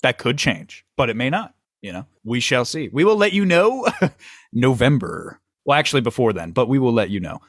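Podcast host dude rambling and cussing, dry close mic. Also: male voice, medium pitch, big pitch swings, moderate pace, a bit bright, husky, dry recording. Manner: rambling, crude, laughs often. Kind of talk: casual podcast chat.

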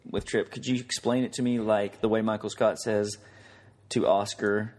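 A man's voice: fairly low pitch, little pitch movement, moderate pace, a little mellow. A man co-hosting a podcast in casual banter, teasing his partner dryly. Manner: dry teasing. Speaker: podcast co-host.

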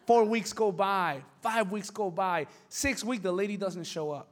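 A man preaching a sermon, telling a story with acted voices and building to emphatic shouts. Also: high voice, measured pace. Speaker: pastor.

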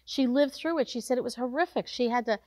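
Woman host, devotional talk, earnest and exhorting, slightly high voice, dry close sound. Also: quick pace, a little mellow, no room sound. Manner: earnest, exhorting, with repeated short commands.

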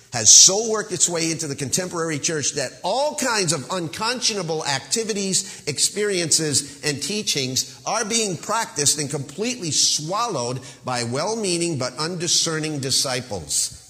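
A man's voice: on the high side, animated, moderate pace, bright, forceful tone, long reverb tail. A male pastor preaching an earnest, emphatic sermon with a warning tone.

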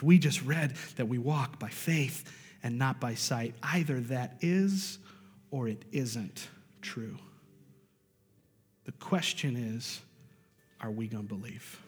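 A male pastor preaching a storytelling sermon, swinging from loud bursts to hushed, low lines. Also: husky, big-room sound.

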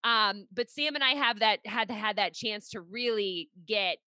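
A woman's voice: mid-range voice, measured pace, sharp tone, dry recording, clean studio sound. A young woman hosting a podcast in casual chat, enthusiastic and gushing, with a lot of "like". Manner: enthusiastic, gushing, heavy use of "like". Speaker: podcast host and personal trainer.

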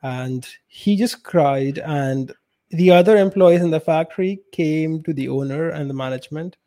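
A man talks bluntly on a casual podcast, and his voice sits a little high. The tone is soft and mellow rather than bright. He gives his opinions without softening them. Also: moderate pace. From India. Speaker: podcast co-host. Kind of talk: casual chat.

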